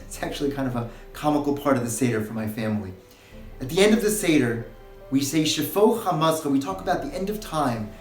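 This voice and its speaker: A man giving a short recorded sermon as a rabbi, earnest and building to impassioned, pleading questions. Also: on the high side. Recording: roomy echo, faint music.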